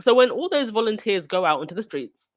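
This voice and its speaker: A woman's voice: medium pitch, sing-song, fairly quick. A woman reading news aloud and breaking off into sarcastic, indignant asides as a channel host. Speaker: royal news commentator.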